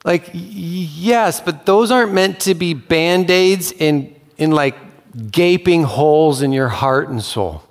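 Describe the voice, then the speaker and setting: A male pastor delivers an earnest, conversational sermon and slips into quick acted-out quotes. His voice sits a bit high for a man. The sound carries a long, echoing reverb of a large hall.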